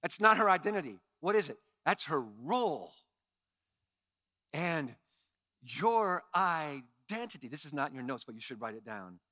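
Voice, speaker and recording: Male pastor, middle-aged, lively sermon delivery with wide pitch swings and acted-out quotes. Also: unhurried, no room sound, studio quality. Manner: animated preacher, acts out quoted lines with big swings in loudness.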